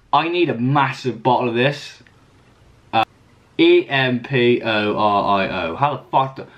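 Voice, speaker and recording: A man in his twenties talking casually to camera in a vlog, rambling and self-mocking, swearing often. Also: medium pitch. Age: 20s. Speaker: fitness vlogger.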